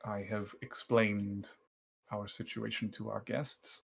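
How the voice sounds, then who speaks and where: A man voicing a stern, formal male king who speaks in a measured, quiet way. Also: lowish voice, level tone, vocal fry, a little hiss or hum. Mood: grave.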